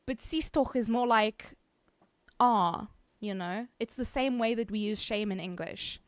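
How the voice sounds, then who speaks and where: A woman's voice: medium pitch, normal speed, no room sound. A South African woman streamer chatting casually with her viewers, giggly and self-teasing. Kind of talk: casual chat reading viewer messages.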